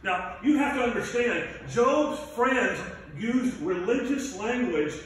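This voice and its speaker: A male pastor preaching a sermon, retelling a story in a relaxed, conversational way with touches of humor. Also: very high-pitched, takes it slowly, a little hiss or hum. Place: church sanctuary. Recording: very echoey room, mic at a distance.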